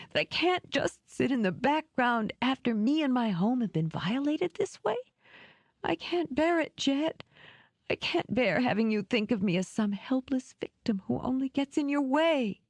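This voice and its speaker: A woman's voice: fairly low pitch, big pitch swings, normal speed, mellow, no room sound. A woman voicing a playful, theatrical young woman who teases and fakes tears. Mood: tearful. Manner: teasing, theatrical, tearful act.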